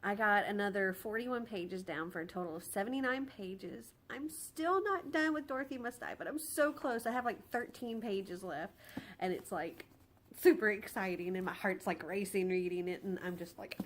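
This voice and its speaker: A woman's voice: medium pitch, normal speed. Bubbly young woman book vlogger. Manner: bubbly, excitable, giggly. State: tired. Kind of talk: casual vlog chat.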